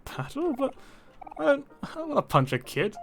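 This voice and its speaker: A player voicing a brash, excitable young boy who talks bluntly. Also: high-pitched, normal speed, gravelly, faint music behind, voice pushed up, full character voice.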